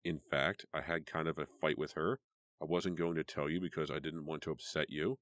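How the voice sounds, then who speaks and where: A man reading an audiobook, voicing a calm, steady teenage girl who soothes her friend in a quiet voice. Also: very deep voice, moderate pace, no echo.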